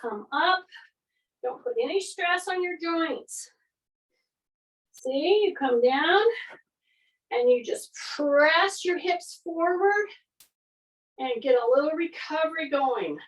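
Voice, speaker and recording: A woman fitness instructor leading a guided workout class, giving steady coaching cues while exercising along. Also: high-pitched, slow, long pauses, recorded from a distance, poor audio.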